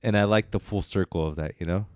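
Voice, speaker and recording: A man's voice: low-pitched, quick pace, a little mellow, no echo, studio quality. A man co-hosting a casual film review chat, rambling and hesitant with many fillers and restarts. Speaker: podcast co-host reviewing films.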